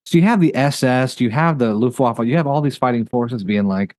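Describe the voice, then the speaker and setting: A man hosting a podcast, chatting casually in a review and rattling off facts in quick bursts. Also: mid-range voice, expressive, a little mellow, dry recording, clean studio sound. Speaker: podcast host.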